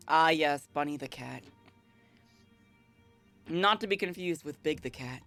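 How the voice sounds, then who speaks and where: A woman's voice: deep voice, measured pace, pauses often, fairly bright tone, faint music behind. A woman streamer chatting casually as she reads through a visual novel. She is chatty, laughs often, and scolds her cat between lines. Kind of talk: casual livestream chat while reading a visual novel.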